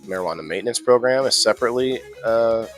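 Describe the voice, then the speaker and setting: Talking fast in a mid-range voice, an indoor-growing host chats his way through a casual live stream, rambling, restarting frequently and laughing. Music plays behind him.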